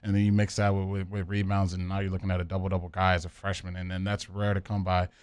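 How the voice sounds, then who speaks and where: A man co-hosting a sports talk radio show, chatting quickly and laughing easily. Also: low-pitched, completely flat delivery, a little mellow, clean tone, no room sound.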